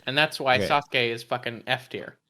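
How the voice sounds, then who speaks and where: A man's voice: medium pitch, normal speed, bright, forceful tone. A man co-hosting a podcast, giving reasoned opinions in casual chat, with many "like" fillers. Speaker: podcast co-host. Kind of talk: casual chat ranking anime characters.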